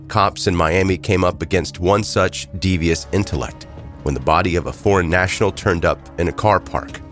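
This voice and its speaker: A man's voice: low voice, a bit bright. A man hosting a true crime podcast, narrating a scripted story with wry, joking asides while he has a head cold. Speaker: podcast host.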